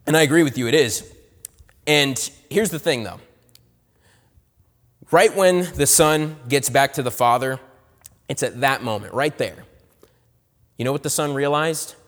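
A man preaching a sermon, swinging between loud emphatic lines and soft, low asides. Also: big-room sound.

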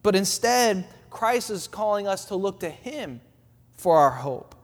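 High-voiced preacher in a reverberant church. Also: male voice, very animated, measured pace. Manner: preaching with repeated phrases, dropping soft for quoted words of comfort. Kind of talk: sermon. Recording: long reverb in a hall.

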